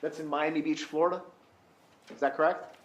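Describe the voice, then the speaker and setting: A man's voice: fairly high pitch, steady tone, fairly quick. A man cross-examining a witness in a courtroom, questioning with hesitant restarts. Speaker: defense attorney. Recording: roomy courtroom audio with faint hum.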